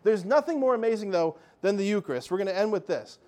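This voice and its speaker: A man giving a lively Catholic faith talk, telling miracle stories with animation and calling his listeners "guys". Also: sits high, quick pace. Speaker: Catholic speaker.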